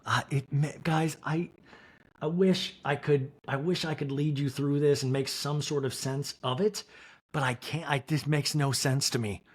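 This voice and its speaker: A man hosting a podcast, giving an animated, rambling comedic recap of a reality show, sounding incredulous. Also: on the high side, moderate pace, breathy edge. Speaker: podcast host.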